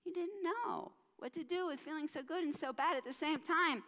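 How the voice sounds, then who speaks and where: A woman minister telling a story during a church service, dramatic and expressive, in a church with a long hall reverb. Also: sits high, moderate pace.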